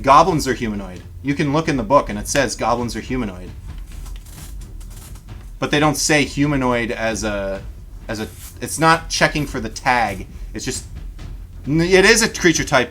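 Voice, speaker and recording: A man narrating a livestreamed tabletop battle as game master, in an animated, chatty way, talking directly to his viewers. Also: mid-range voice.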